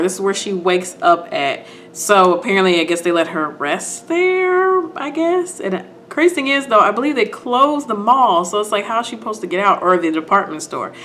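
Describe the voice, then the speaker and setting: A woman vlogger retelling a TV episode to her viewers in a casual, animated way while doing her makeup. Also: mid-range voice, moderate pace, a little hiss or hum. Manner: animated, talks to viewers, acts out scenes.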